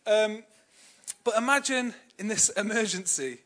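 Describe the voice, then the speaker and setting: A man's voice: fairly high pitch, moderate pace, sharp tone. A young English man preaching a sermon in a chatty, self-deprecating way, telling personal stories with many fillers. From England.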